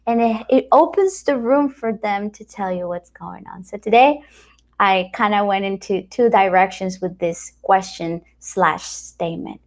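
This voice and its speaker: A woman from America, giving a motivational talk full of personal anecdotes, acting out what people said and sometimes dropping to a soft whisper. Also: mid-range voice. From Latin America. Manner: animated storyteller acting out quoted dialogue. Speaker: speaker at a wellness retreat center.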